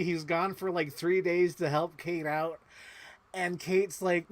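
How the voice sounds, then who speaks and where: A man with a slightly high voice recaps a movie casually on a livestream. He talks excitably, curses often and openly gets emotional about the story. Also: slow.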